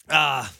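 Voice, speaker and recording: A podcast co-host with a bright, forceful tone jokes around and chuckles before wrapping up the casual episode with sign-off patter. The sound is clean studio audio with no echo.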